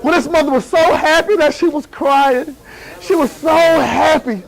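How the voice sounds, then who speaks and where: A man in his thirties from Georgia, giving a motivational speech and telling a story to an audience in an animated, playful way with repeated phrases. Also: very high voice, moderate pace, vocal fry, poor audio. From Decatur, Georgia. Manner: animated, repetitive, playful, with sudden shifts to hushed. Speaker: motivational speaker.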